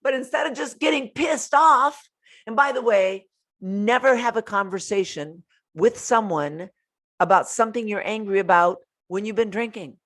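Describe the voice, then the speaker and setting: A woman's voice: medium pitch, normal speed, fairly bright tone. A woman hosting a self-help podcast, giving earnest, frank advice and swearing casually. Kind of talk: motivational self-help talk.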